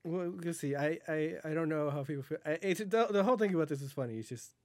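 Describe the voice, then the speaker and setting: A man's voice: on the high side, quick pace, no room sound. A man co-hosting a casual wrestling podcast, who laughs often and drops short, dry quips. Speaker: podcast co-host.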